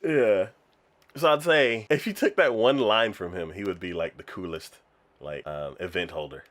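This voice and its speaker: A man's voice: deep voice, normal speed, a bit bright. A man co-hosting an anime podcast in casual chat, laughing often and acting out lines of dialogue. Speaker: podcast co-host.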